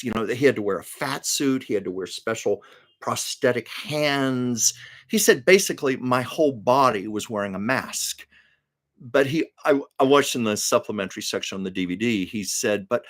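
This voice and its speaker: A fairly low-voiced older man hosting his own live stream. He talks in a loose, chatty way, wandering from story to story with plenty of fillers and restarts. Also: a bit bright. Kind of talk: casual live-stream chat.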